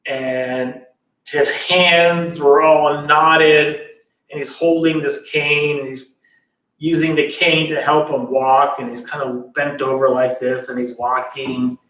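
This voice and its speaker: A man's voice: fairly high pitch, flat delivery, slow, a bit bright, far from the mic. A man telling a spiritual story in a loose, chatty way, in a temple hall.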